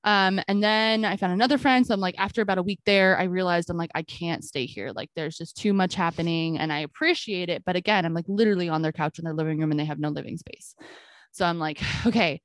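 Speaking quickly in a voice on the low side, a podcast co-host tells a story during casual chat, captured in a dry recording. She animates the quoted back-and-forth, leaning on "I'm like" throughout.

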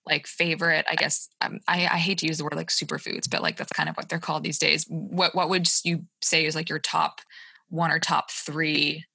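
Woman, young adult, podcast host, low and fry-heavy, casual and friendly, dry close sound. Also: level tone, normal speed, sharp tone, no room sound. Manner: friendly, casual, frequent "like" fillers.

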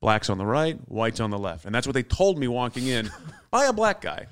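A man's voice: medium pitch, big pitch swings, a little fast, fairly bright tone, a little hiss or hum. Laughing storyteller man on a comedy podcast. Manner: laid-back storyteller, laughing, acting out quoted people. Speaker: guest comedian.

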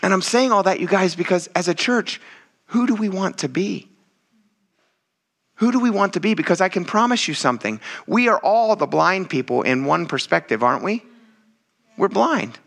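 Bright-voiced pastor preaching casually. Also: male voice, high-pitched, expressive, normal speed, vocal fry. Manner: casual, conversational preaching, often says "you guys"; builds to loud exclamations. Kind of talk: sermon.

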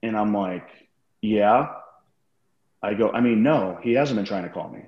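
Male podcast guest, very low voice, cursing storyteller, roomy lo-fi sound. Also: unhurried. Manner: profane, acts out quoted dialogue. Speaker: podcast guest, former wrestler. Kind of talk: casual storytelling interview.

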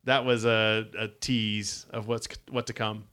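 A man's voice: fairly low pitch, level tone, measured pace, sharp tone, smooth. A man co-hosting a podcast who laughs often and reads story passages aloud between casual chat. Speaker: podcast co-host. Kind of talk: casual chat with book reading.

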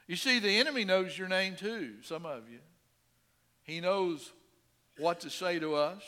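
A middle-aged male pastor preaching a sermon in an earnest manner, swinging between quiet asides and emphatic stresses. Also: sits high, in a large hall.

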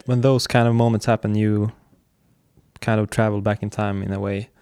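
A man chatting casually about books he is reading, relaxed and hesitant, with many fillers and restarts. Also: on the low side, normal speed, clear, resonant tone, no room sound, clean studio sound.

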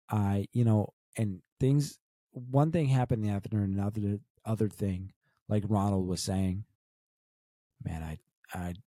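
A man's voice: lowish voice, dark tone, dry recording, clean studio sound. A young adult man co-hosting a podcast, chatting casually and rambling with many restarts and fillers. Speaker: podcast co-host. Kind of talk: casual chat.

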